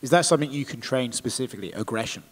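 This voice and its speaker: Quick, probing male reporter. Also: medium pitch, lively intonation, husky. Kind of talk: press questions. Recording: reverberant media room.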